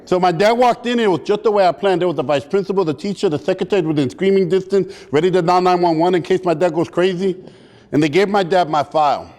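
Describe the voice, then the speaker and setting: A man giving a comedic motivational talk at a community summit, animated and playful as he acts out scenes. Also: sits high. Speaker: keynote speaker. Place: large hall at a community summit. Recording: long hall reverb.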